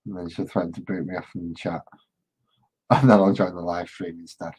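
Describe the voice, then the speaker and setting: A man with a deep, slightly husky voice talks casually to his live-stream viewers as he paints. He rambles from one thought to the next and jokes with the chat. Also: flat delivery, brisk, darkish tone, rough recording. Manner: rambling, joking, chats with viewers.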